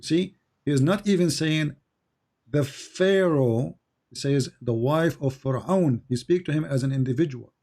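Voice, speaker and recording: A man with Arabic as his first language debates a caller, lecturing insistently and hammering his points again and again. His voice sits fairly high but sounds dark and mellow. His phrasing is halting, with frequent restarts. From Middle East. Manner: insistent, lecturing, repeats points with rising emphasis. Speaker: Christian apologist debating a caller. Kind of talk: heated debate on a call-in show.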